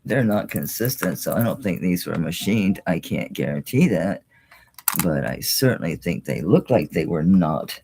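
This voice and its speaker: Low-voiced middle-aged lady chatting thru a live jewelry sale, lively swoopy delivery, cusses a bit. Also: gravelly, noisy background. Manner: chatty, exclaiming, mild swearing. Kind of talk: casual live-stream sales talk.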